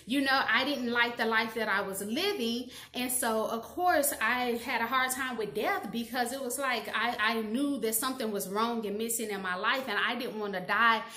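A woman's voice: a little high, normal speed, few pauses, bright, forceful tone, echoey room. A woman from the American Midwest telling a personal story in a candid, chatty way and laughing at herself now and then. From Gary, Indiana, USA. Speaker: vlogger telling her own story. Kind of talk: casual storytime monologue.

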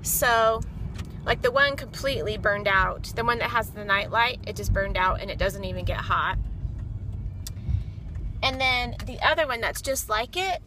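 A woman's voice: a little high, noisy background. A woman chatting casually and rambling through her day for a vlog, filmed on a phone in a car. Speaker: vlogger. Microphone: phone camera.

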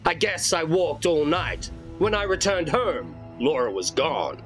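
A man's voice: a little high, expressive, a little slow, fairly bright tone, soft background music, low-quality recording. A man reading a horror storybook aloud in dramatic first-person narration.

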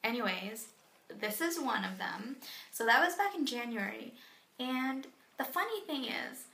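A woman's voice: a little high, expressive, unhurried, vocal fry, bright, forceful tone, reverberant, slight background noise. A young Canadian woman chatting casually to camera from her bathroom, self-mocking and full of fillers. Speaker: plant vlogger. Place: home bathroom.

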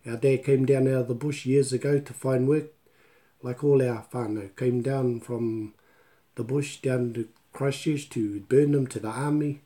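A man's voice: mid-range voice, steady tone, unhurried, warm tone. A man with a New Zealand accent giving a casual live online language lesson through a laptop mic, chatty and storytelling, mixing in Māori words. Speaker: te reo Māori tutor. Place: at home on a live video stream. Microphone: laptop microphone.

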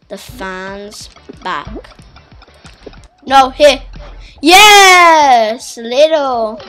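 A woman giving live gameplay commentary, muttering to herself, then bursting into shouts at setbacks. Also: medium pitch. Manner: excitable, swings from muttering to shouted outbursts. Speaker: gaming channel host.

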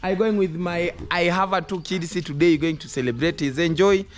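A man's voice: sits high, normal speed. A man talking casually to camera in broken English and coaxing his young children, in a home family vlog. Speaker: vlogger.

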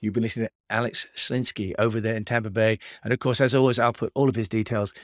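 Low-voiced male podcast host. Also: level tone, fast, dry recording, studio quality. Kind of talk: podcast interview hosting.

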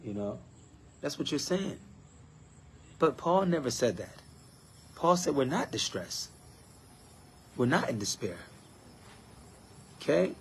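Male preacher, mid-pitched voice, teaching and questioning the congregation, faint hiss behind. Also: sing-song, takes it slowly, pauses often. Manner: defines words one by one, asks the crowd questions, mimics complainers in a higher voice. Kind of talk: sermon.

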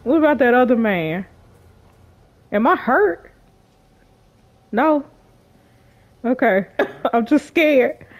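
A woman's voice: on the high side, lively intonation, takes it slowly, pauses often. A woman giving casual gameplay commentary as a YouTuber, chatty and slangy with her viewers, jumpy and laughing nervously, shrieking as she plays. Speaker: gaming YouTuber.

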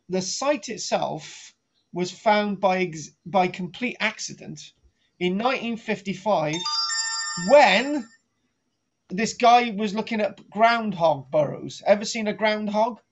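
Brief: middle-aged male archaeologist on a live stream, high voice, jokey and rambling, muffled lo-fi sound. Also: animated, takes it slowly. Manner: jokey, rambling, restarts sentences, teases his co-host. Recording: dull lo-fi home stream audio.

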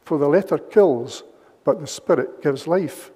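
A man preaching a sermon in a measured, emphatic way, repeating key phrases for weight. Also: on the high side, dark tone, husky. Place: church livestream. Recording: long church reverb.

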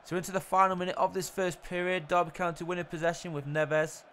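A young man commentating his own football video game in the style of a sportscaster, getting loud and excited at the goals. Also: high-pitched, quick pace, a little hiss or hum. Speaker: gaming YouTuber.

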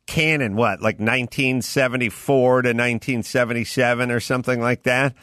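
A man's voice: medium pitch, fairly even intonation, a little fast, fairly bright tone, no room sound, clean studio sound. A man hosting a podcast, riffing sarcastically in casual banter with his co-hosts. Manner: sarcastic, rambling riffing rant. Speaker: podcast host.

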